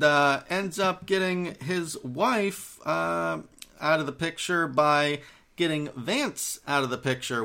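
A man's voice: fairly high pitch, pushed and bright. A man hosting a podcast, casually recapping an episode in a rambling, profane way with lots of fillers. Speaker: podcast host.

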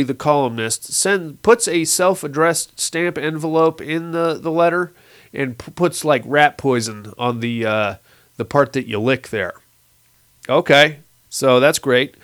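Young man, slightly high voice, casual sarcastic recap, chuckling, offhand. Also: fairly bright tone, smooth. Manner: sarcastic, laughs at the plot, acts out characters' lines. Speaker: episode recap commentator. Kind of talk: casual comedic plot recap.

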